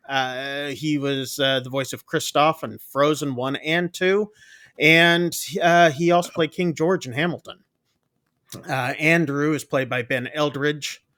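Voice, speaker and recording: A man's voice: medium pitch, fairly bright tone. A man casually recapping a movie plot on a podcast, rambling with many fillers and acting out quoted lines. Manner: rambling, lots of ums and uhs, acts out quoted lines. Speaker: podcast co-host recapping a film.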